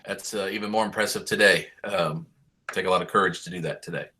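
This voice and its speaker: Bright-voiced band director on a call. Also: male voice, low-pitched, steady tone, fast. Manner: upbeat, rambling, with many fillers. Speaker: high school band director. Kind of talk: video-call speech honoring seniors. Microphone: video call.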